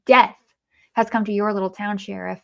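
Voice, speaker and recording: Woman putting on a solemn psychiatrist man, put-on accent, ominous warnings, measured delivery. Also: mid-range voice, steady tone, creaky, lightly acted. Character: grave male psychiatrist warning of evil.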